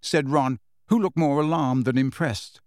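A man's voice: medium pitch, darkish tone, no room sound. Man narrating an audiobook, dry sound. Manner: measured storytelling with shifting character voices. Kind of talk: scripted narration.

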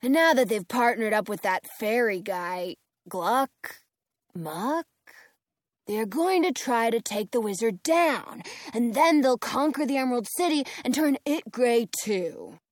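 A woman voicing a literal-minded male castle guard in a storybook, speaking deadpan and matter-of-fact. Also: a little high, a little slow, dry recording, studio quality.

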